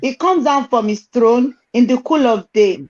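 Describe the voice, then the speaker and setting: An excitable woman talks over a video call on earphones, her voice sitting a little high. The line sounds dull and lo-fi and keeps breaking up, as call audio does. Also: normal speed, a loud crowd. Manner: excitable, loud when excited. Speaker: caller on livestream. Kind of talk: casual livestream discussion.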